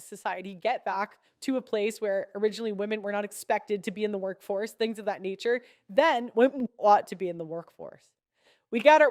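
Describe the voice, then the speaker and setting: A woman's voice: mid-range voice, dry recording, clean studio sound. A young woman giving blunt, sarcastic commentary as a podcast host, laughing between points. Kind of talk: casual opinionated commentary.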